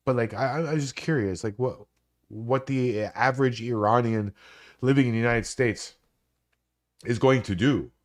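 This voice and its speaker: Speaking in a mid-range voice at a moderate pace, a man in his forties runs a live stream. He swears and rambles while telling lively, casual stories.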